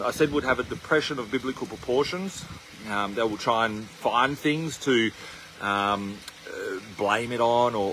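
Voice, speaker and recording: A man's voice: medium pitch, a bit bright, rough recording. Aussie guy vlogging on his phone outside, lots of ums, faint noise behind. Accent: Australian. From Australia. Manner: rambling, with many fillers and restarts. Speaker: investment channel host. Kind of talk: casual to-camera vlog. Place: outdoors on his farm, walking.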